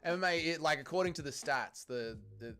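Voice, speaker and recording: A young Australian man hosting a fight watch-along stream, reading chat and swearing as he yells at the fights. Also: on the high side, fairly quick. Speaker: livestream host.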